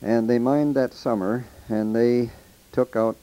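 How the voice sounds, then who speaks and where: A man's voice: medium pitch, steady tone, a little slow, mellow, rough recording. An older man telling rambling, folksy stories of the old days into a taped letter, with restarts and quoted voices. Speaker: storyteller recording a taped letter. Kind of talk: casual spoken reminiscence.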